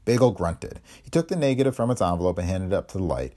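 A man narrating a vintage detective story in a measured, expressive reading. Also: low voice. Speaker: audiobook narrator.

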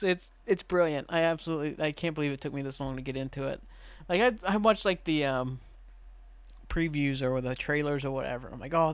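A man's voice: mid-range voice, a bit bright, no echo. A young man hosting a podcast in casual, rambling chat, laughing often and swearing now and then. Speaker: podcast host.

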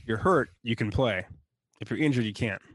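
A man's voice: mid-range voice, expressive, moderate pace, slightly rough, no room sound. A man co-hosting a podcast, chatting casually and chuckling often as he recalls scenes. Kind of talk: casual chat.

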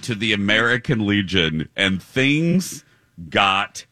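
A man co-hosting a radio show, telling a lively story and mimicking high voices. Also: slow pace, no echo, studio quality. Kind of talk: storytelling banter.

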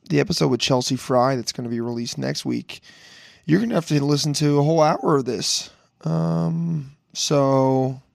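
A young man hosting a casual podcast, hoarse from a lost voice, rambling and joking with plenty of swearing. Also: medium pitch, darkish tone, no echo, studio quality. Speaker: podcast host. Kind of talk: casual solo podcast intro.

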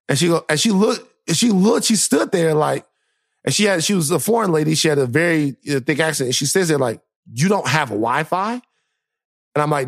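The voice belongs to a man pitched on the higher side, captured in a clean studio without echo. As a podcast co-host in casual chat, he tells a story with energy, acting out the quotes.

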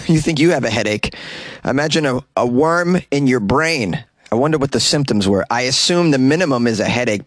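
Recording in a closet with no echo, a male podcast host of medium pitch works through bizarre news items for a comedy show. He adds dry, joking asides as he reads.

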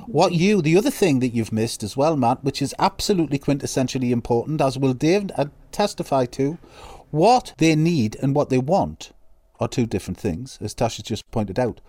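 A man's voice: medium pitch, expressive, normal speed, warm tone. A man, co-hosting casual studio banter in a teasing, blunt, jokey way.

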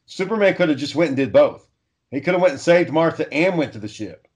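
A man's voice: fairly high pitch, expressive, a little fast. A man chatting casually with friends, rambling and swearing as he goes. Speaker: friend in group chat. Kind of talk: casual chat. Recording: dull lo-fi audio.

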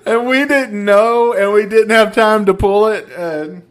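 Dude cohosting a podcast, kinda high voice, swears a lot, laughs thru his stories, chewing gum. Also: unhurried. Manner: profane, laughing storyteller. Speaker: podcast co-host. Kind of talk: casual podcast chat.

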